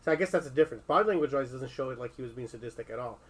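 A man talks loosely in a casual discussion at a middling pitch, circling his point with restarts and fillers. He swears now and then and keeps an easygoing conversational flow. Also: animated, racing, fairly bright tone, poor audio.

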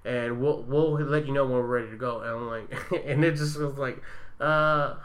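A man with a mid-range, fairly bright voice and fairly even intonation speaks at a moderate pace, casually chatting about his work in event security. He laughs often while telling stories and acts out what people said, swearing in the quotes.

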